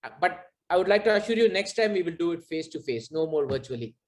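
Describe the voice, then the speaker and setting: A man hosting an online masterclass who speaks earnestly and often pauses with fillers. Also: on the high side, lively intonation. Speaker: masterclass host.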